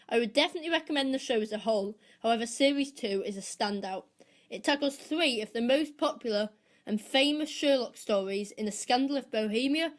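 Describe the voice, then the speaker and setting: Woman reading review notes on a podcast. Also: fairly high pitch. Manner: reads prepared review notes, steady and measured. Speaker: podcast co-host.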